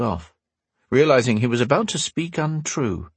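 A man reading a fantasy novel aloud in calm, even scripted narration. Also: mid-range voice, moderate pace, gravelly, husky, no room sound. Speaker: audiobook narrator.

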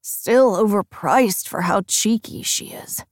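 A sardonic young man who delivers his barbs with a flat, deadpan dryness, as a woman narrator puts him on. His taunts come out unhurried, in a close and dry studio sound. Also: mid-range voice, no echo, natural voice.

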